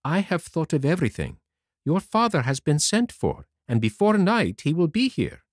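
Gentle motherly fairy in a storybook, a man doing her voice, raised and lilting. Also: fairly high pitch, very animated, normal speed, no echo, clean studio sound, pitched above the performer's own voice. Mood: kind.

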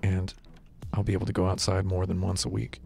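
Low gravelly deadpan man. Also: brisk, faint music behind. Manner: deadpan joking, rambling. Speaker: host. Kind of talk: casual deadpan interview. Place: small studio with music behind.

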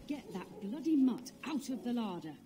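An actress playing a harried, sharp-tongued castle cook in video game dialogue. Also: female voice, on the high side, sing-song, moderate pace, over music. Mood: scolding. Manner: sharp-tongued, bossy, exasperated.

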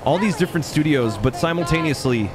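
Brief: young male streamer, chatty and animated, quick with thanks to chat. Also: a little high, background noise. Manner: chatty, thanks viewers by name, laughs often. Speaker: game streamer. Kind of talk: casual live-stream chat.

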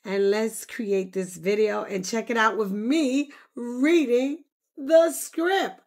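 A woman demonstrating software in a casual tutorial, bubbly and quick to exclaim. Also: a little high. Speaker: content creator demonstrating software. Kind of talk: casual screen-recorded tutorial.

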